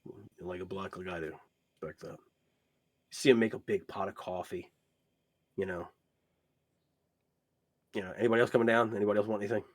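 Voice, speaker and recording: A man running a tabletop game as game master, narrating in a loose, relaxed way full of casual filler words. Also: lowish voice, brisk, long pauses.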